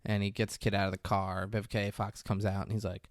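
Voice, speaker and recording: A man's voice: fairly low pitch, expressive, fast talker, darkish tone, no echo, studio quality. A man co-hosting a podcast, retelling a movie scene by scene with playful quoted voices and casual swearing. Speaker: podcast co-host. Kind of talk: casual movie recap chat.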